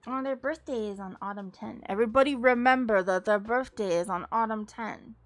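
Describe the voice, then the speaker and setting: A woman's voice: on the high side, fairly quick. A woman streaming a game, chatting casually to her viewers in a giggly way and stopping often to correct herself. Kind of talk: casual live-stream chat while playing a game. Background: faint game music.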